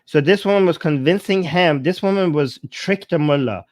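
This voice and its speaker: Man commentator, pitched a bit high, stop-start delivery, translates as he goes, close dry recording. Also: dry recording. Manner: halting, with frequent restarts and repeated words. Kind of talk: casual commentary over a video.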